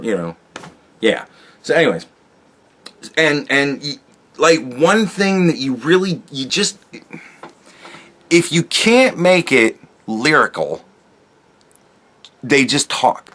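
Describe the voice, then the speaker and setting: A man hosting a podcast, talking casually in a rambling, profane monologue that jumps between loud outbursts and low mutters. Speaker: podcast host.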